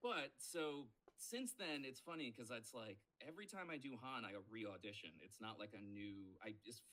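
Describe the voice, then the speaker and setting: Animated man telling stories. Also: medium pitch, moderate pace. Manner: animated storyteller, acts out quoted voices. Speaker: voice actor guest. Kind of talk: casual podcast interview storytelling.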